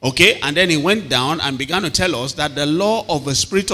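A man's voice: fairly high pitch, a little fast, hardly any pauses, pushed and bright. A man preaching a sermon, often calling on the congregation to answer him. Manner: calls to the congregation for responses. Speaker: pastor. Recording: long hall reverb.

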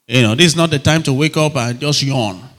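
Bright-voiced man preaching a sermon. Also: mid-range voice, brisk. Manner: emphatic, repeats phrases, asks the audience if they are still there.

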